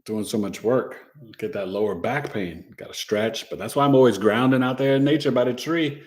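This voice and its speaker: A man's voice: mid-range voice, normal speed, darkish tone. A middle-aged man hosting a casual astrology livestream, chatty and playful, reading viewers' charts and dropping in Spanish words.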